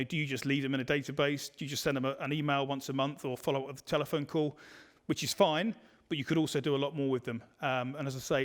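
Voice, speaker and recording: A man presenting a digital marketing webinar in a conversational way, full of fillers and restarts. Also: medium pitch. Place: online webinar.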